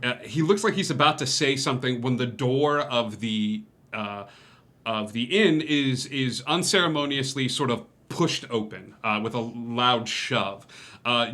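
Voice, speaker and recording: Game master, male, bright tone, halting casual narration. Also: medium pitch, animated. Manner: hesitant, many fillers and laughs.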